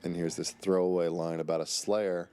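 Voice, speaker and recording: A man's voice: low voice, level tone, moderate pace, darkish tone, smooth. A man giving casual DVD commentary on an episode he wrote, chatty and enthusiastic, with plenty of fillers.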